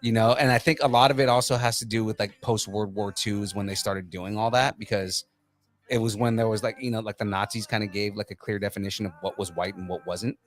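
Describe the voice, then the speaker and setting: Guy cohosting a podcast, low voice, rambly and jokey, lots of likes and you knows. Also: steady tone, quick pace. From Central America. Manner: chatty, many fillers and restarts, joking. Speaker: podcast co-host. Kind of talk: casual chat.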